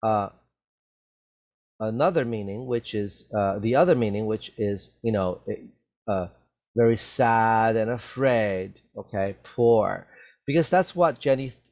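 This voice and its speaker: A male English teacher who explains words to young learners patiently and repeats each point with "okay?". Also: medium pitch. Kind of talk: slow reading lesson for learners.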